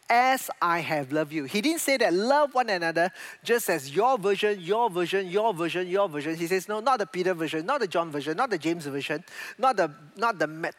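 A man preaching a sermon as a pastor, animated, speaking English with non-native grammar. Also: high-pitched.

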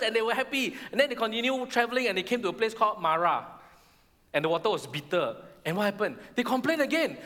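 Guy preaching, high bright voice, acts out voices, long echo of a big church hall. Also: fast talker. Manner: animated, acts out the Israelites' complaints in high voices. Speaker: pastor. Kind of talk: sermon.

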